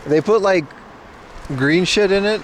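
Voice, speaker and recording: A man's voice: high voice, unhurried. A young man hosting a casual live stream outdoors, chatting bluntly with profane, bro-ish banter. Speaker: livestream host. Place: outdoors on a city street. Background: faint street and traffic noise.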